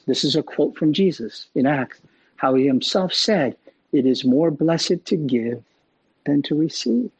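A man preaching a sermon in a conversational, animated way, often checking in with "right?". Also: a little high, breathy edge, lo-fi sound. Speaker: pastor.

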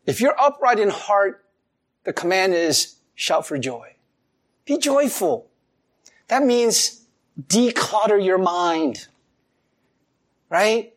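A male pastor preaching a sermon in an animated way, chuckling often and swinging between loud emphasis and soft, low asides. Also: takes it slowly, long pauses.

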